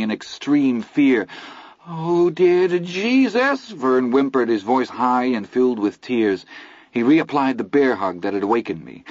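A man reading a first-person story aloud in a measured, low-key way. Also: dry recording. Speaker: audiobook narrator. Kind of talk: scripted first-person narration. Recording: dull lo-fi audio, dry.

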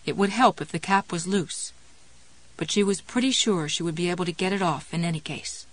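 A woman narrating an audiobook in a measured, even reading voice. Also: fairly low pitch, poor audio. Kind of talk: scripted narration.

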